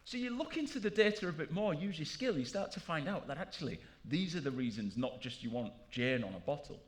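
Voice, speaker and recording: A man giving a jokey, animated conference talk to a live audience in a large room. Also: fairly high pitch, brisk. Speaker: conference speaker.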